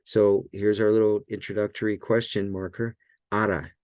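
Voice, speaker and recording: A man teaching a language lesson in a relaxed, loose way, often checking in with "right?" and filler words. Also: on the low side, normal speed, no echo, studio quality. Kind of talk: casual explanatory lesson.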